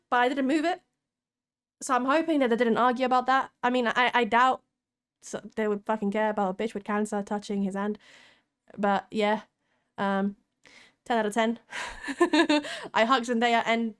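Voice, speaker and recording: A young woman from Italy telling an excited story to camera as a vlogger, often laughing and restarting her sentences. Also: on the high side, moderate pace, pauses often, clean tone.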